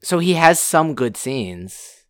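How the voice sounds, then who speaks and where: A podcast co-host weighing opinions in a measured, thoughtful way during a casual film discussion. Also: medium pitch, big pitch swings, smooth, no echo.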